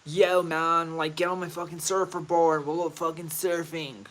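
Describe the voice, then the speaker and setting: A man's voice: on the high side, level tone, normal speed, a bit bright, voice pushed up, lightly acted. A man voicing a laid-back young stoner surfer dude who drawls slang and curses. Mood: stoned, chill.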